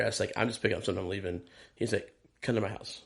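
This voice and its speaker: A man's voice: on the low side, very fast, creaky. A man, a touring drummer, telling stories in a casual interview, swearing freely and acting out what people said to him. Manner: animated, profane, acts out quoted dialogue. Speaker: touring and session drummer, guest.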